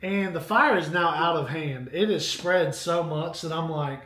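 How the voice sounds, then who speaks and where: A man co-hosting a casual live stream, telling a rambling, animated story with asides to viewers. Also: fairly high pitch, a little slow. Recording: echoey room.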